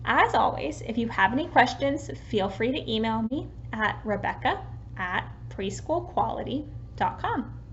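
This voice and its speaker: A woman giving patient, clear tips in an instructional video on talking with young children. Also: on the high side, measured pace, muffled recording, slight background noise. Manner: patient, clear explaining with lively sample phrases. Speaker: early childhood educator.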